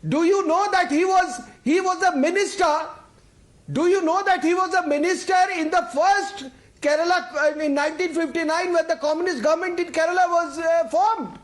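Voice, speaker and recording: A high-voiced older man with an Indian English accent argues on a news panel. He presses his point insistently, stumbling over repeated words and pushing past interruptions. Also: moderate pace. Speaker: panel guest, retired army officer. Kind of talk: heated TV debate.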